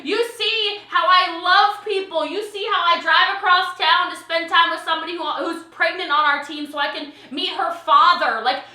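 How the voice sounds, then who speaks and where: Gushy woman coach on a livestream, bright tone, bouncing around a roomy echoey space. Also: sits high. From Maryland, USA. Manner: excitable and gushing, with big swings in loudness. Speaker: network marketing coach. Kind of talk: live-streamed team training. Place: home in Texas.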